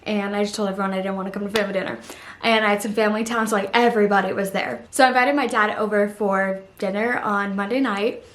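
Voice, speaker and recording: A woman's voice: medium pitch, fairly even intonation, fast, a bit bright. A young woman telling a story to camera in a casual, chatty way, with lots of "like" and giggly asides. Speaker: vlogger. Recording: roomy echo.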